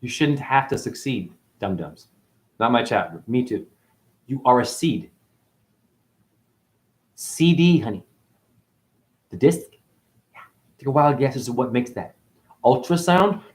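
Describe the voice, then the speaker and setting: A man's voice: medium pitch, expressive, a little slow, long pauses. A man giving a spiritual monologue as a teacher, preachy and profane, firing one rhetorical question after another.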